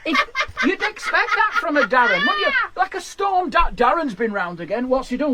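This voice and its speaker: Excitable comedian riffing. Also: male voice, very high voice, a little fast, noisy background. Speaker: comedian host. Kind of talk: comic chat show. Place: garden shed.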